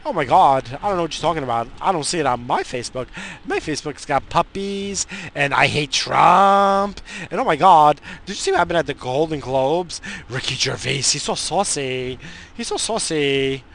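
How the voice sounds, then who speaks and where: A man putting on the voice of a gushing, gossipy social media fan who talks in a shocked, drawn-out way. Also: a little high, lively intonation, gravelly, a bit bright, slight background noise.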